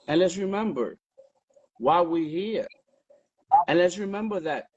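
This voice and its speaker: Guest: husky man, higher voice, animated and profane, dry close sound. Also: measured pace, pauses often, dry recording, rough recording. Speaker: interview guest. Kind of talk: casual storytelling on a livestream.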